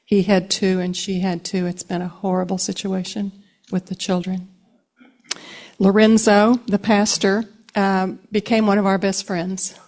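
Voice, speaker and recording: A woman's voice: mid-range voice, level tone, measured pace, a little mellow. A woman delivering a sermon, telling personal stories earnestly and speaking directly to her listeners. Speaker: speaker sharing a testimony.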